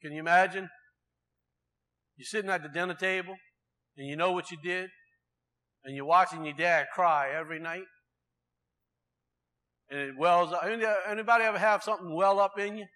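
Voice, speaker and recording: A man's voice: high-pitched, steady tone, moderate pace, pauses often, pushed and bright. A man preaching a sermon in a conversational way, asking the congregation rhetorical questions.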